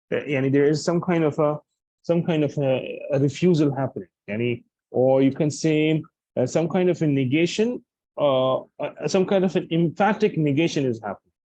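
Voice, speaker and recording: A man teaching Arabic grammar in English. He recites Arabic verses quickly and explains them with many fillers and restarts. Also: a little high, darkish tone, dry recording, dull audio. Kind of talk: recorded lesson explaining grammar.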